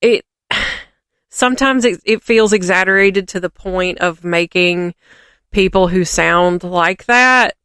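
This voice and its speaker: Smooth-voiced woman ranting in casual chat. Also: lowish voice, slow, a bit bright, no room sound, studio quality. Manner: rambling, ranting, frequent fillers. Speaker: podcast co-host.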